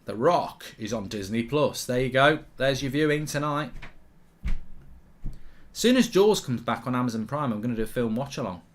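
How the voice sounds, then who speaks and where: Man, host of a football watch-along, chatty, mid-pitched, reacting to play. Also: lively intonation, normal speed. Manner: chatty, reads out viewer questions, reacts to play.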